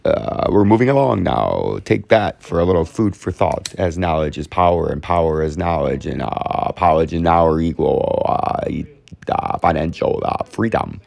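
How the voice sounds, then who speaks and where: Gravelly man rambling over charts. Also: deep voice, expressive, moderate pace, darkish tone. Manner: rambling, joking, repetitive riffs. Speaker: host. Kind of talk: casual chart commentary.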